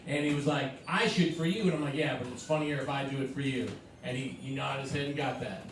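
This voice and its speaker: A man doing improvised stand-up, telling crude, brash stories in a deadpan bragging way. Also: medium pitch, quick pace, far from the mic, a little hiss or hum. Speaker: stand-up comic guest. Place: comedy club with a live crowd. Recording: echoey room, off-mic.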